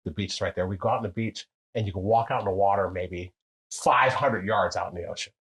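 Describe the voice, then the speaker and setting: Husky-voiced man telling profane stories. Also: fast, rough recording. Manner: animated, profane, acts out quotes with big pitch jumps. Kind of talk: casual storytelling chat.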